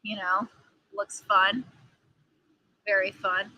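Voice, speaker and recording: A woman's voice: on the high side, normal speed, sharp tone, poor audio. A young woman who acts, chatting casually on a live stream and reading aloud outdoors by a pool, with many "like" fillers. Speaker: actor and live-stream host.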